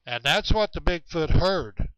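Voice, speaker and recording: A man telling a long story about hunters in the woods, halting often with fillers and restarts. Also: a little high, lively intonation, fairly bright tone, smooth, no echo. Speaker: storyteller of Bigfoot encounters. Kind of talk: rambling spoken storytelling. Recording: dull, muffled recording.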